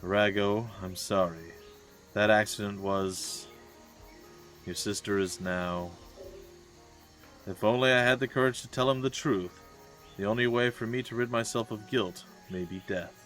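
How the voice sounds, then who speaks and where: Male streamer, low voice, reads game text slowly and solemnly over faint game music. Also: fairly even intonation, fairly bright tone. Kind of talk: reading in-game text aloud.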